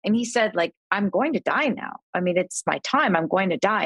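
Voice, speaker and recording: A middle-aged woman speaks as a podcast guest, spinning a personal story with lively quoted voices. Her pitch sits in a middle range. The recording is dry and close, with no room sound. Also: brisk, breathy edge, no room sound. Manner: animated storyteller, voices quoted family members. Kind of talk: conversational storytelling.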